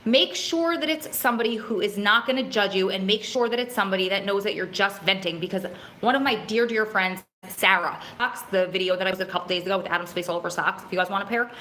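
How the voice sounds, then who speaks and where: A woman's voice: mid-range voice, bright, forceful tone. A young adult woman hosting a casual livestream, chatting emotionally and gushing thanks to her viewers. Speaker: host of a livestream for prison families. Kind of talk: casual live chat, reading viewer comments. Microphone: phone.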